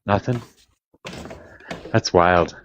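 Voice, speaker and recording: A man's voice: low voice, very slow, a bit bright, dull audio, a little hiss or hum. A man hosting a casual political debate, blunt and pressing his questions over and over. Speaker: debate show host.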